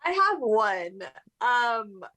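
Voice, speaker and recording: A woman's voice: a little high, very animated, drawn-out words, bright, forceful tone, rough recording. A young adult woman, a guest actress, chatting casually in an interview with lots of fillers and laughs.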